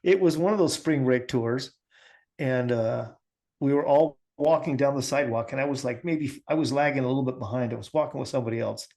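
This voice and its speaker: A man's voice: mid-range voice, fairly quick, gravelly. A man co-hosting a podcast, casually telling a story with plenty of laughter. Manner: animated storyteller, laughs often. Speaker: podcast co-host. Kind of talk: casual chat.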